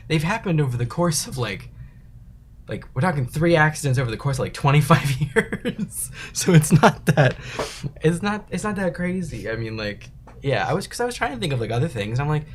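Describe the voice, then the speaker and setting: A man's voice: on the high side, lively intonation, fairly quick, a little hiss or hum. A young man hosting a casual livestream, reading chat messages aloud and answering them in a rambling, laid-back way, laughing often.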